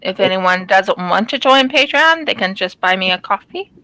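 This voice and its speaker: Brief: chatty woman craft vlogger, rambling and casual, bright tone, dry close sound. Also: mid-range voice, lively intonation, normal speed, dry recording, low-quality recording. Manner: rambling, chatty, many ums and restarts. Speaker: craft channel host. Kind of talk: casual chat while diamond painting.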